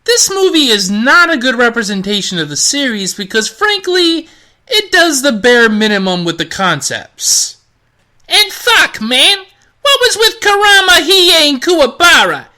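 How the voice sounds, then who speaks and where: Woman, snarky anime review narration, profane, high-pitched, bright. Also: very animated, moderate pace. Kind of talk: scripted comedic review narration.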